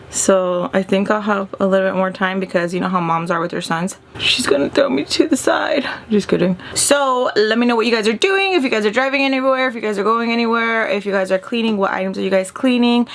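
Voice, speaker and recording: Young woman, raspy voice, lively casual storyteller vlogging from an RV. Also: medium pitch, a little hiss or hum. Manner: chatty, animated, swears freely. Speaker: YouTuber telling a story. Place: inside a parked RV with a fan running.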